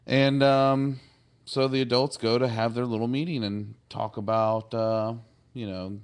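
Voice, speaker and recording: Chatting on a casual podcast, this co-host talks a little slowly in a smooth, medium-pitched voice with fairly even intonation. He rambles through his retelling of a TV episode, chuckling and leaning on "like" and "you know" to fill the gaps.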